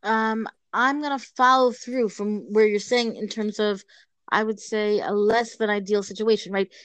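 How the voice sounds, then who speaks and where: A woman works through a Talmud passage, reading it and then explaining it. She speaks in a measured, thoughtful way and pauses with "um". The recording is dry and close, with no room sound. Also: medium pitch, steady tone, a bit bright, smooth, no echo. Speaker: Talmud teacher.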